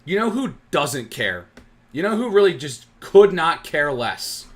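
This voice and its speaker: A man's voice: a little high, big pitch swings, unhurried. A man hosting a sports fan channel, ranting with heat and sarcasm, often tripping over his words. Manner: heated, sarcastic, stumbling restarts.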